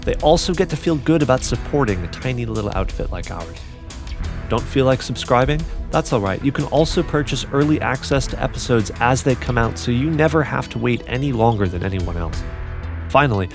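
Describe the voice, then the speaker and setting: A man who is the storyteller of a tabletop game podcast, reading the outro and chatting in a relaxed, self-deprecating way. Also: medium pitch, vocal fry. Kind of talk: podcast outro and casual chat.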